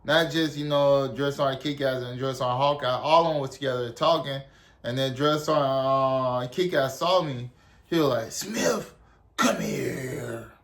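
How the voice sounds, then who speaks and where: A man's voice: medium pitch, steady tone, moderate pace, fairly bright tone. A young man from South Carolina, telling a story casually and rambling with lots of "like" and "you know". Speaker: storyteller, army veteran.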